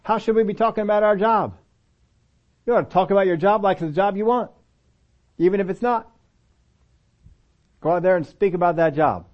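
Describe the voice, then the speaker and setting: A male preacher giving a casual, animated sermon, acting out little dialogues and telling stories from his own working life. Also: high voice, brisk, long pauses. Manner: animated, acts out dialogue voices. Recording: dull, lo-fi audio recording.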